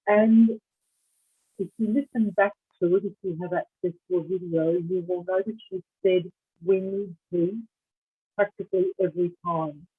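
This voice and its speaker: Husky woman judge on a tinny call. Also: lowish voice, dry recording. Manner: measured, thoughtful, with frequent hesitations. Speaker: contest judge. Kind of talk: spoken feedback to a student. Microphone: video call. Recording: tinny, dry video-call audio.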